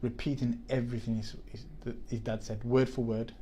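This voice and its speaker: A man's voice: mid-range voice, little pitch movement, fairly quick, warm tone, slight background noise. A man, chatting on a podcast and telling a story with many restarts. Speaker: podcast co-host. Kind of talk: casual chat.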